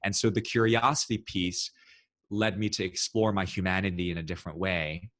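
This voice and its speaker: A man as a podcast guest, telling personal stories in an animated, expressive way. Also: low voice, moderate pace, dry recording, clean studio sound. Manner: animated, expressive, acts out quoted voices. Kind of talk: casual storytelling interview.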